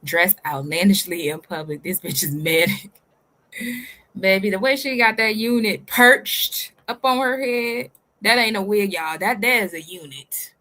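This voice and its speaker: A woman's voice: medium pitch, unhurried, pushed and bright. Sassy lady doing reaction commentary, swears a lot, jokey with the viewers. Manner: sassy, profane, playful with viewers. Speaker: reaction video host. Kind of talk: casual commentary.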